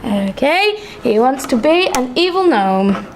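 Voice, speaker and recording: A woman running a tabletop game as game master, narrating the story in a lively way with some fillers. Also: high voice, unhurried, background noise.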